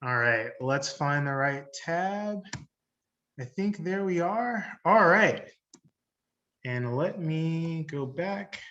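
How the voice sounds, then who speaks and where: A man presenting an investment pitch over a video call, relaxed and joking while he sets up his screen. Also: slow, highs cut off.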